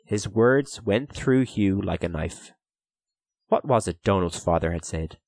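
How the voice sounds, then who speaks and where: Man narrating a storybook, measured, lots of melody, dry close sound. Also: deep voice, expressive, darkish tone, dry recording. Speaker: audiobook narrator.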